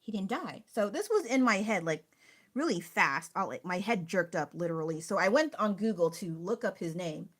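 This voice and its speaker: A woman's voice: mid-range voice, animated, moderate pace, fairly bright tone. A woman chatting casually and rambling with restarts while streaming her art. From United States. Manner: chatty, rambling, self-interrupting.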